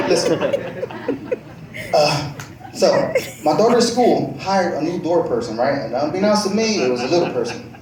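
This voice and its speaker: A man's voice: fairly high pitch, takes it slowly, long pauses, background noise. A man doing stand-up comedy, telling profane stories about family life and checking in with the crowd. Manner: animated, profane storytelling with crowd check-ins. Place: comedy club stage. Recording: echoey live club, distant mic, crowd audible.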